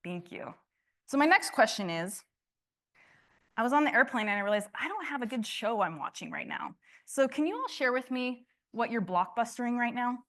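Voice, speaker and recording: A woman's voice: fairly high pitch, lively intonation, normal speed, a bit bright. A woman giving a conference talk to a room, passionate, often restarting and asking the audience questions. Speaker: conference speaker.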